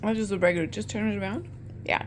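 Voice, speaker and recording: A woman's voice: medium pitch, steady tone, fast, a little hiss or hum. Middle-aged mother reading snack labels. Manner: short replies, reads out snack labels. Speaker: vlogger's mother, behind the camera.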